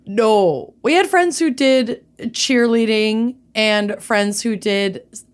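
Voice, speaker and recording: A woman's voice: a little high, takes it slowly, clean tone. A woman co-hosting a podcast in casual chat, playful and bubbly, stretching words for emphasis. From Minnesota. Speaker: podcast co-host.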